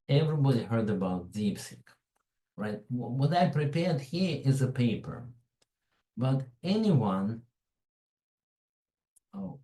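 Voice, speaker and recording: A man's voice: medium pitch, dark tone, reverberant, rough recording. A man with a foreign accent presenting a tech webinar in a chatty, digressive way, with frequent asides. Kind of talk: informal tech webinar talk.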